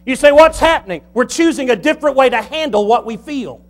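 A man's voice: very high voice, fast. A middle-aged man, a pastor preaching a folksy, humorous sermon.

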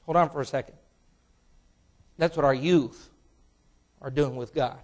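Preaching to young people at a slightly slow pace, a man tells a story and plays its characters with sudden loud outbursts before sinking into a low, quiet voice.

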